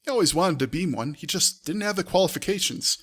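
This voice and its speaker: A man's voice: a little high, animated, a little fast, a bit bright. A man streaming live, reading out a text adventure and breaking off with offhand asides. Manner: reads aloud with offhand asides. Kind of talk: live-streamed game narration.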